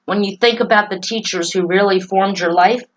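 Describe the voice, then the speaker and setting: A woman political vlogger talks to camera about her own life and views, earnest, emotional and opinionated. Her voice is medium in pitch at a moderate pace, with the highs cut off.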